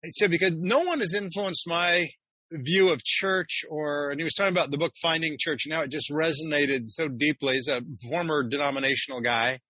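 A man's voice: a little high, fairly quick, dry recording, poor audio. A man casually telling stories on a talk show, acting out the people he quotes and laughing often. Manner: animated, acts out quotes with laughs. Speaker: podcast host and author. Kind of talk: casual storytelling chat.

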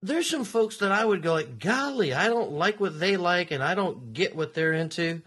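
A man's voice: sits high, lively intonation, moderate pace, a bit bright. A man co-hosting a podcast in casual chat, teasing and laughing often. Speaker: podcast co-host.

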